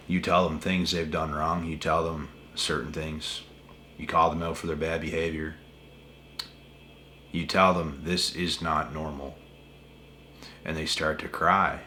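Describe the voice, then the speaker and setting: Forceful low-voiced man ranting. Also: a little hiss or hum. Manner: emphatic, repetitive and heavy on swearing. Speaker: spiritual channel host. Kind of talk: casual rant to camera.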